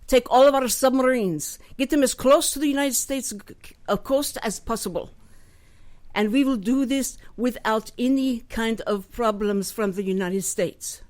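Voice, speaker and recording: A smug, scheming male leader boasting to his generals, as a woman puts him on. The voice sits a bit high and swings lively between lines, recorded dry and close. It is a broad comic impression on talk radio. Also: moderate pace, no echo. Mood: boastful.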